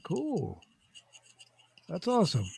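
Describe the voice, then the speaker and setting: A man's voice: high voice, huge pitch swings, takes it slowly, creaky, darkish tone. A man hosting a casual group call, asking questions and bantering with laughter. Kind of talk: casual chat.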